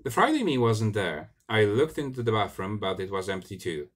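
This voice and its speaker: A man reads a science fiction story aloud with a low voice. His delivery is animated, rising and falling widely in pitch. He now and then stumbles and corrects himself. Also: normal speed. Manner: animated, expressive reading with small slips. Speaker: reader.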